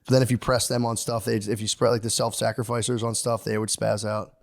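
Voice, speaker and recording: Man, podcast co-host, casual rambling chat, profane, quick to laugh, mock voices for quotes. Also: lowish voice, flat delivery, gravelly.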